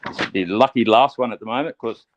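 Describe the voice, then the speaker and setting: A nervous man doing his first live psychic reading, gentle and halting, full of fillers and restarts. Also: medium pitch, lo-fi sound, noisy background. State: nervous, first time on air. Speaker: psychic medium.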